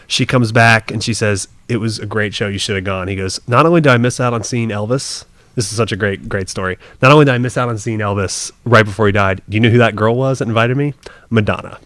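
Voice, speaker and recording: Male podcast host, rambling anecdote teller, quick delivery, dry sound. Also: fairly low pitch, a bit bright, no echo. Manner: chatty storyteller, quick and rambling. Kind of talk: casual chat.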